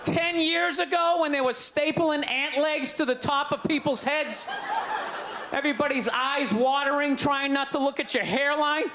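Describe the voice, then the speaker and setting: A man in his forties doing a loud, exasperated, mocking stand-up rant on a club stage with a handheld mic. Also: very high voice. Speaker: stand-up comedian. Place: comedy club stage before a live audience. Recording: live club recording with crowd laughter and noise.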